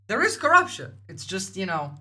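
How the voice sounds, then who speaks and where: A woman's voice: mid-range voice, sing-song, moderate pace, sharp tone. A woman, giving blunt, heated livestream commentary and swearing freely. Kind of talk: casual reaction commentary.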